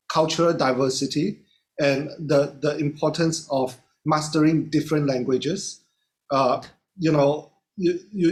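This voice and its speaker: A man hosting an interview, hesitant, with many fillers and repeated words. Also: fairly high pitch. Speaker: interviewer host. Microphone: video call.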